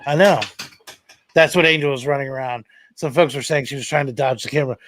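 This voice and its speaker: A man's voice: mid-range voice, fast, noisy background. A man co-hosting a casual chat show, joking and wry. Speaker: podcast co-host.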